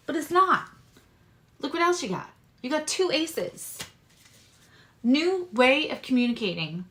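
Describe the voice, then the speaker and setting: A woman giving a casual tarot reading to her viewers, chatty and animated, swearing casually and swinging between loud bursts and soft asides. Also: high voice, unhurried, long pauses. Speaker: tarot reader and astrologer.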